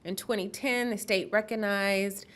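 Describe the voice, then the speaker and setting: A woman's voice: mid-range voice, steady tone, unhurried, fairly bright tone. A woman moderating a panel discussion at a podium in an event hall, organized and friendly.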